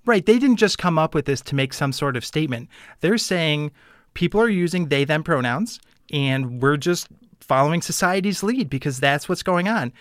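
A woman's voice: sits low, animated, normal speed, dry recording. Earnest woman talk-show co-host, dry sound. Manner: earnest, emphatic. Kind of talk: casual talk-show chat.

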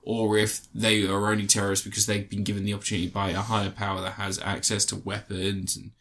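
A man's voice: fairly low pitch, monotone, quick pace, fairly bright tone. A young man co-hosting a podcast, rambling through a film summary with many restarts and fillers. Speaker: podcast co-host reviewing a film. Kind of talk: casual chat.

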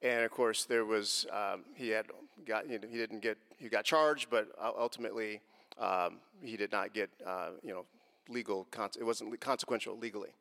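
A middle-aged man giving an earnest answer to a question on faith and race, moving from quiet reflection to impassioned emphasis. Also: lowish voice, moderate pace, creaky. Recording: long hall reverb.

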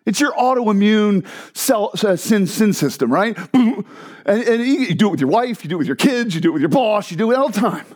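A man's voice: high-pitched, animated, brisk, a little mellow. A man preaching a sermon to a crowd in a church hall, joking and asking the listeners questions. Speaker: pastor.

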